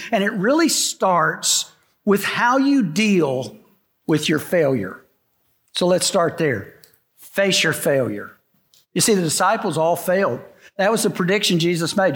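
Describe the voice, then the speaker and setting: Male pastor, middle-aged, emphatic sermon delivery, repeats key phrases, fairly high voice. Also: expressive, unhurried, fairly bright tone, breathy edge. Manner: emphatic, repetitive preaching. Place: church sanctuary before a congregation.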